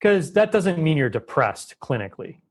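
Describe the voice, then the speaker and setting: A man's voice: on the high side, big pitch swings, moderate pace. A man as a guest in a conversational interview, explaining with emphasis and changing his pace often. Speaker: Ayurvedic doctor, guest.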